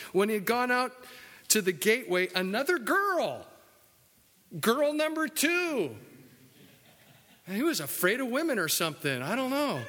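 A male pastor preaching a folksy, joking sermon, dropping low and soft for the solemn points. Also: big-room sound.

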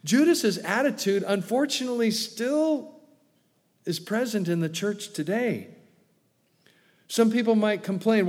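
A pastor preaching a sermon in a conversational way, with joking asides and acted quotes. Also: male voice, sits high, expressive, a little slow, long pauses, a little mellow, long reverb tail.

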